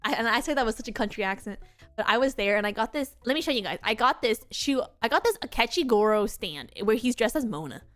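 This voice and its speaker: Young woman, high voice, excitable, rambling casual stream chat, faint music behind. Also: fast. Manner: excitable, rambling, heavy use of "like". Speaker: VTuber streamer.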